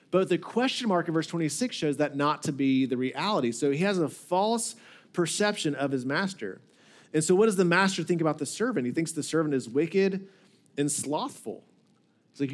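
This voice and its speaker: High-voiced conversational male pastor. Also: expressive, normal speed. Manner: conversational, repeats words, asks the congregation questions. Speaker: lead pastor. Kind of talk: sermon.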